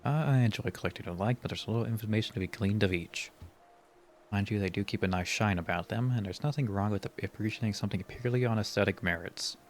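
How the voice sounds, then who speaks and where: Casting: man playing cranky old relic-collecting bug, gruff put-on accent, low. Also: quick pace, slight background noise, close to an everyday voice. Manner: grumbling, rough put-on accent. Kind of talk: reading game dialogue aloud.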